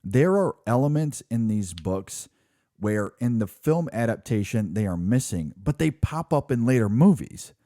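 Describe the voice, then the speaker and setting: Podcast co-host, male, mid-pitched and mellow, loose rambling delivery. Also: animated, a little slow, no echo, clean studio sound. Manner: rambling, restarts often, says "like" and "you know". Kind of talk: casual film discussion.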